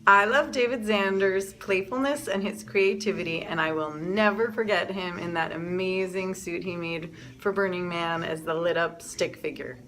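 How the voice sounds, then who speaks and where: Woman, lowish voice, soft, affectionate, birthday wishes. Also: moderate pace, hardly any pauses. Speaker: friend giving a birthday tribute.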